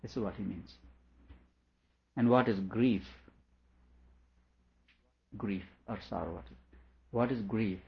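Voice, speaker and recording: Low-voiced man explaining a text. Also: slow, creaky, long pauses, dull audio. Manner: reads a passage aloud, then comments on it with small laughs. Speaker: teacher. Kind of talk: reading and explaining a philosophical text.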